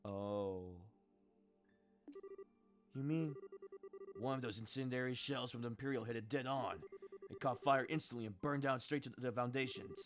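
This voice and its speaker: A man voicing a rough, cocky young male veteran fighter who talks in a gruff, slangy way. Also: mid-range voice, natural voice.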